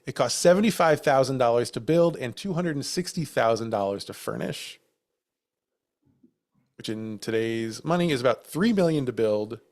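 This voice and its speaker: A man's voice: medium pitch, animated, normal speed. A man co-hosting a live podcast, sharing history with wry, dry quips. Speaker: podcast co-host.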